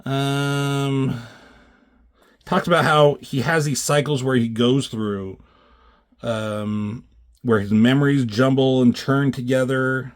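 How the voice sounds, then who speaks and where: Speaking slowly in a steady, mid-range voice, this man rambles through his comic book reviews. He swears freely, uses lots of fillers, and keeps correcting himself.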